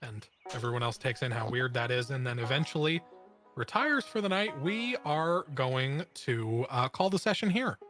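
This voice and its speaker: Bright-voiced young man running a game. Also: medium pitch, faint music behind. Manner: relaxed, halting, with frequent fillers. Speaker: game master. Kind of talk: casual tabletop game narration.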